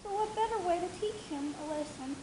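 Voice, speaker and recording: A woman doing a scheming filly pony. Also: brisk. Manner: high girlish voice, commanding and sinister. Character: young farm filly pony, scheming and menacing. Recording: distant echoey noisy home recording.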